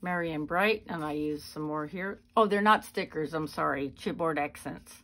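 A woman hosting a craft channel, giving a chatty, unhurried show-and-tell of her handmade cards. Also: sits low, fairly bright tone. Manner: chatty, unhurried walk-through. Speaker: card-making channel host.

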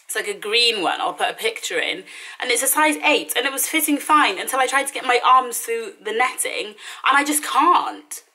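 A woman's voice: on the high side, expressive, normal speed, pushed and bright. A young woman in her twenties, chatting casually in a dramatic, self-mocking, exasperated way while trying on clothes at home. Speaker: vlogger. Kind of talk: casual try-on haul chat. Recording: echoey room, mic at a distance.

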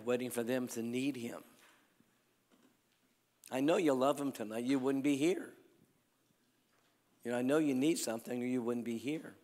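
Older male preacher in a reverberant hall. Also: medium pitch. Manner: folksy, swings from soft to loud exhortation. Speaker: evangelist preacher. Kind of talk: sermon with storytelling. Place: large church or arena at a crusade.

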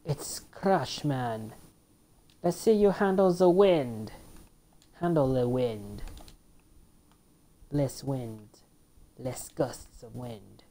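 A woman with a deep, mellow voice talks through a video game in casual commentary. Her delivery is unhurried but swings widely in pitch, jumping up on exclamations and sinking into half-whispered mutters. She complains playfully to herself as she plays. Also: expressive. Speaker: let's play gamer.

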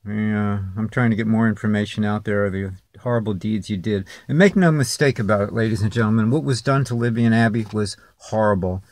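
A man's voice: lowish voice, a little fast, hardly any pauses, a little mellow. A man vlogging at home, talking in a sarcastic, rambling way straight at an unseen viewer. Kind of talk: casual monologue to camera. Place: home, near a street.

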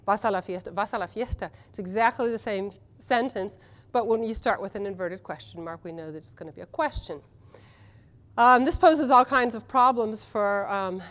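A woman who translates literature, speaking at a conference panel in a chatty, enthusiastic way with many ums and restarts. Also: medium pitch. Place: conference session room.

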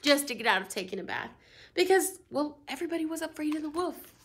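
Woman, teacher, playful storybook reading, asides, very animated pitch, bright tone. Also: fast. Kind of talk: reading a storybook aloud to a class.

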